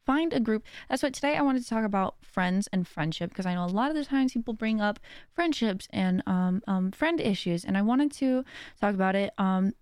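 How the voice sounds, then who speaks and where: A woman's voice: mid-range voice, lively intonation, normal speed, darkish tone, clear, resonant tone, dry recording, studio quality. A woman hosting a podcast, talking earnestly in a casual, rambling monologue with many restarts. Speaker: podcast host.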